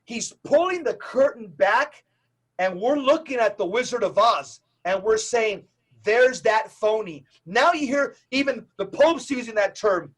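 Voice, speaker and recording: A man speaks as a guest in a podcast interview, with a remarkably high voice for a man. He delivers his points like a preacher, emphatic and rapid-fire, stacking one phrase on the next. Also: lively intonation, a bit bright, breathy edge. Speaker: Catholic evangelist guest.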